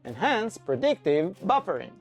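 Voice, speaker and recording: Lively, enthusiastic man presenting a talk. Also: moderate pace, faint music behind. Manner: enthusiastic, pitching, playful. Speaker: conference speaker and framework core team member. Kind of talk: scripted conference talk with comic banter.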